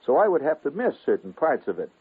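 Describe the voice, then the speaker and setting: A U.S. radio host in his fifties spins a rambling, digressive story with chuckling asides, speaking fast in a husky, sing-song, slightly high voice. The sound is narrow and phone-like, from an old radio broadcast.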